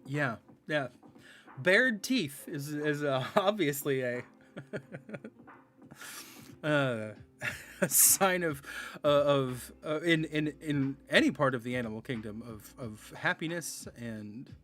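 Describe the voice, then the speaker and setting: A man's voice: mid-range voice, takes it slowly, fairly bright tone. A man in his thirties chatting casually while streaming a game, rambling, sarcastic and laughing often. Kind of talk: casual live-stream chat.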